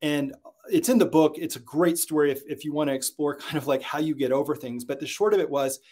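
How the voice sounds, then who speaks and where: A man who consults on sales, a guest in an interview, telling stories with lots of energy and getting louder and higher when excited. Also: a little fast. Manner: energetic storyteller, gets loud and high when excited. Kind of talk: podcast interview, storytelling.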